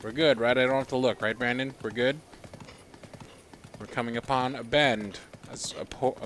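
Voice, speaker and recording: A man commentating a live game stream, animated and chatty, talking to his in-game horse with sudden loud outbursts. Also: mid-range voice, normal speed, slight background noise. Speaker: gaming streamer. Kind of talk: live let's-play commentary.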